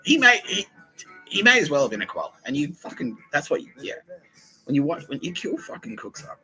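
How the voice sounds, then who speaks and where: Ranting Australian man, bright sharp tone. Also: on the high side, big pitch swings, a little fast, soft background music, rough recording. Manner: ranting, swearing, laughing, putting on mocking voices. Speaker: podcast host. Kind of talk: profane comedic rant.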